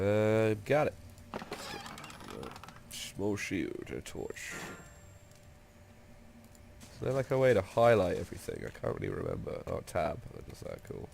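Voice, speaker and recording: A young man, his voice low with vocal fry, a little mellow, and stuffy and nasal from a cold, hosts a let's play over a little hiss or hum. He comments casually as he plays, rambling and jokey, swearing now and then and quite freely.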